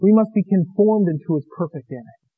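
A man's voice: high-pitched, a little fast, husky, dry recording, phone-quality sound. A man preaching a sermon with passion, pleading with his listeners through a string of rhetorical questions.

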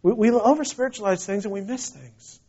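A man's voice: high-pitched, fairly quick, warm tone, slightly rough. A man preaching a sermon in a conversational storytelling way, often restarting his phrases. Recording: dull lo-fi recording.

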